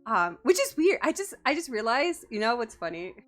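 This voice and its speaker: Playful woman streamer from the US, bright and lively, teasing chat with lots of giggles. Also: on the high side, normal speed, soft background music. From United States. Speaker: VTuber streamer. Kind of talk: casual live-stream chat.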